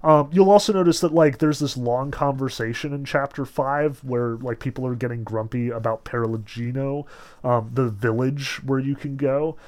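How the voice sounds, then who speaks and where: Speaking at an ordinary speed, a man with a medium-pitched, somewhat dark voice leads an informal literature class. He chats freely, says "like" and "notice" a lot, and reads novel passages aloud.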